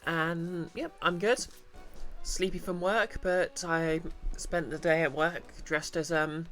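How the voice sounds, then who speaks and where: A man's voice: on the high side, steady tone, slow, fairly bright tone, soft background music. A man chatting casually with viewers as a streamer, sleepy and wry.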